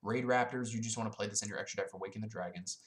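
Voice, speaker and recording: A man's voice: fairly low pitch, very fast. A young man giving blunt, profane, casual commentary on his own, dismissive and full of filler ums. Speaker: YouTuber ranking card game decks.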